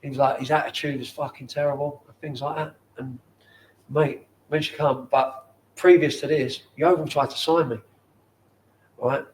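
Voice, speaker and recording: A man in his forties with a London accent, a former footballer telling stories in casual chat in a bar, animated and swearing often. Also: fairly high pitch, normal speed. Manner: animated, swears often, acts out quoted people. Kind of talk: casual storytelling.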